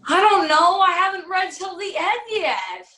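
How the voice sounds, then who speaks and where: A woman's voice: extremely high pitch, big pitch swings, unhurried, sharp tone, exaggerated voice. A woman playing a dry, teasing narrator who tells the tale her own way in a filmed stage play. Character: wry, unbothered female storyteller who bends the tale. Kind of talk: theatre acting in a filmed virtual production. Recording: roomy sound, far from the mic.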